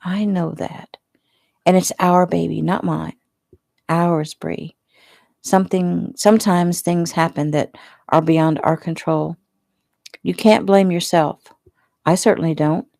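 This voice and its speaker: A woman's voice: lowish voice, fairly even intonation, slow pace, gravelly, long pauses, a little mellow, dry recording, studio quality. A woman reading a tender young man, devoted and worried.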